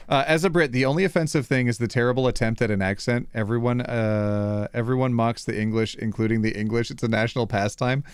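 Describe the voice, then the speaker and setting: A man's voice: medium pitch, quick pace, hardly any pauses, clean tone, no echo, faint music behind. A man streaming live, reading reddit posts aloud and reacting to his chat with frequent laughter. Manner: animated, laughing often, reacting to viewer comments.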